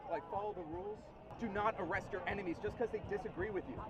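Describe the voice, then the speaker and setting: A man, a professional comedian, trolling a street protest in a deadpan, mock-earnest tone. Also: sits high, quick pace. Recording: crowd noise outdoors. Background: protest crowd.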